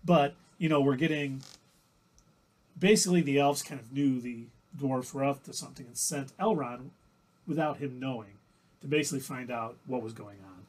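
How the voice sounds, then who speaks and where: Husky male streamer, average pitch, rambling and self-correcting as he recaps the week's shows. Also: normal speed, a little mellow. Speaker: livestream co-host. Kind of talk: casual recap of TV episodes.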